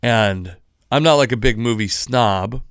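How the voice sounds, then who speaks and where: A man's voice: mid-range voice, measured pace, clear, resonant tone, no echo, clean studio sound. Rambling self-deprecating man in his thirties. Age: 30s. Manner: rambling, self-deprecating, lots of fillers and restarts. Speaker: podcast host. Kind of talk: casual solo podcast talk.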